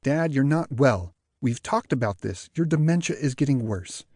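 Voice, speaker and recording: A man's voice: mid-range voice, animated, darkish tone, no echo, studio quality. Man voicing a patient, firm adult daughter. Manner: firm, reassuring, slow.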